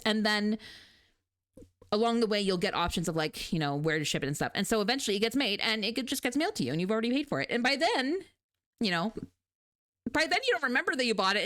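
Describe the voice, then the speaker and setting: A woman's voice: medium pitch, a bit bright. A woman from Canada with a Canadian accent, chatting casually on a live stream, rambling and laughing often as she reads her chat.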